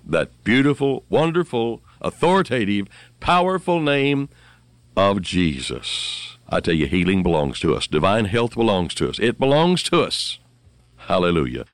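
A man with a low voice preaches a radio sermon. He talks fervently and emphatically, stumbling into restarts now and then. The sound is dry and close, with no room around it. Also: dry recording.

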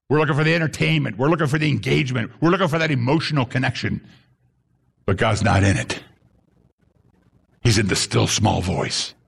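A man preaching an impassioned sermon to a congregation, building to shouted emphasis at key points. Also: medium pitch, vocal fry, breathy edge.

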